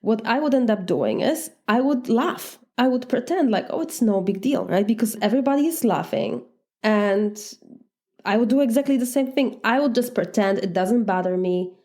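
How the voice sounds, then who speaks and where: Woman, Eastern European accent, life coach doing a solo podcast; mellow, earnest, reflective. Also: medium pitch. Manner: earnest, reflective, frequent "right?" asides.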